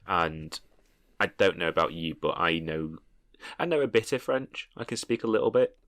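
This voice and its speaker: Deep-voiced young podcast co-host. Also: male voice, lively intonation, moderate pace, a bit bright, dry recording, clean studio sound. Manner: laughs easily, stumbles and repeats words. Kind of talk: casual chat.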